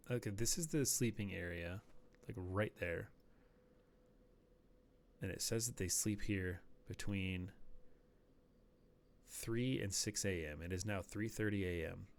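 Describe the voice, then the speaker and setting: A man's voice: deep voice, slow pace, long pauses. A man streaming a hunting game, rambling casually and dropping to a near whisper while sneaking up on animals. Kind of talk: casual gameplay commentary.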